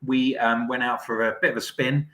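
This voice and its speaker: A man co-hosting a casual podcast chat, upbeat and pausing with "um" and "uh". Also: medium pitch, fairly even intonation, a bit bright. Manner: upbeat, hesitant with "um" and "uh". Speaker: podcast co-host.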